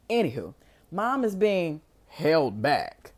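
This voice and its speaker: A woman hosting a podcast, recapping a movie in a casual, slangy way, full of "like" and lively asides. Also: deep voice, moderate pace. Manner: animated, filler-heavy, slangy storytelling. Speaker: podcast host.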